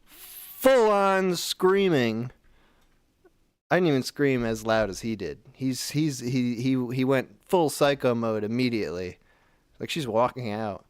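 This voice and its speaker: A man's voice: medium pitch, normal speed, smooth, no room sound, clean studio sound. A man calling in to a talk show, telling a story in a rambling, casual way with many restarts. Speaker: caller.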